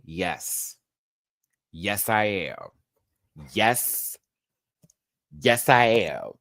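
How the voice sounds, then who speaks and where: A man hosting a casual live review, campy and sassy, laughing often and swinging his pitch wildly. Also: no room sound, clean studio sound. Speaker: show host, reality TV reviewer.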